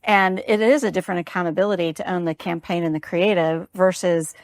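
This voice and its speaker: A woman host with a somewhat low voice leads the conversation. She asks long, winding questions in a friendly, easy manner. The sound is dry and close-miked. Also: steady tone, a little fast, no echo. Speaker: podcast host, interviewer. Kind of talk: conversational interview.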